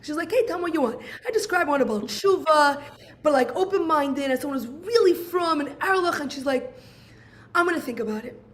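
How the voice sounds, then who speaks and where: A woman's voice: high-pitched, fairly quick. A woman, telling a personal story and acting out conversations. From Brooklyn, USA. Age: 40s. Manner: animated, acts out dialogue, many "I'm like"s. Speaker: speaker sharing her story.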